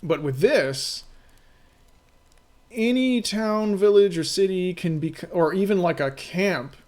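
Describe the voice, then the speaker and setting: A man with a fairly high voice talks on a live stream about the game he is making. He rambles, loses his thread and restarts, and leans on "you know" and "right?" to keep the chat with him. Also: animated, slow pace, a little mellow. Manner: rambling, filler-heavy, keeps checking in with "right?".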